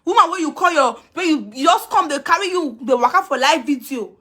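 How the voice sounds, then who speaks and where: Woman with a Nigerian Pidgin accent, high and bright, taunting rant streamed on a live video. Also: lively intonation, a little fast. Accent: Nigerian Pidgin English. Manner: scolding, taunting, repeats herself.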